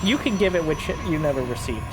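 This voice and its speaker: A man casting a strategy game match solo, joking along and bursting into high-pitched exclamations. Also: very animated, quick pace, noisy background. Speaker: esports caster. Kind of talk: solo play-by-play commentary.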